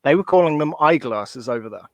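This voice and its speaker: A man's voice: on the high side, lively intonation, fairly quick, dry recording, dull audio. A man who is a guest on a podcast, chatting casually, hesitant and restarting his sentences, chuckling between points. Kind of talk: casual chat.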